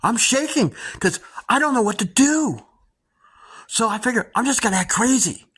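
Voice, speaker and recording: A middle-aged woman host telling dramatic personal stories to her viewers in a casual, animated way. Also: fairly high pitch, normal speed, breathy edge. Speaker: homestead channel host.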